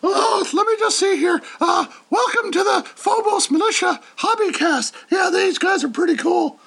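A nervous, nerdy cartoon henchman, as a man puts him on, yelping high and rambling along. His voice is bright and edgy, with a gravelly crackle. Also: moderate pace, heavily acted.

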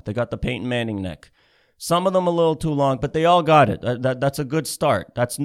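A man's voice: on the high side, vocal fry, clear, resonant tone. A man doing a comedic rant, sarcastic and swearing heavily, repeating himself as he builds up steam. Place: Ontario, Canada.

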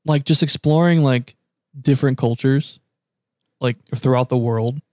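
A man's voice: mid-range voice, unhurried, a little mellow, no room sound, clean studio sound. A young man in casual chat, rambling with lots of fillers and crude swearing.

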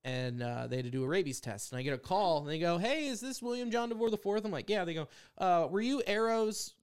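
A man with a high, smooth voice tells a story in casual podcast chat. He is a stand-up comedian, animated and profane. He acts out other people's lines as he goes. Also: fast.

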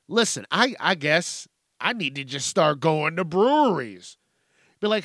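A man's voice: a little high, unhurried, dry recording, studio quality. A man hosting a podcast, ranting casually and profanely, acting out other people's voices. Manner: profane, animated, acts out voices. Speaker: podcast host. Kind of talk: casual comedic rant.

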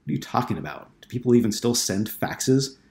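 A man's voice: medium pitch, lively intonation, a little fast, vocal fry, a little mellow, echoey room, pitched above the performer's own voice. A man reading an audiobook, voicing a tired, skeptical male ad writer who questions what he hears.

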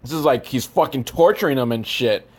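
A man's voice: medium pitch, fairly quick, slightly rough. Male movie reviewer, dry and sarcastic, cursing through a rambling plot recap. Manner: profane, deadpan, rambling with asides.

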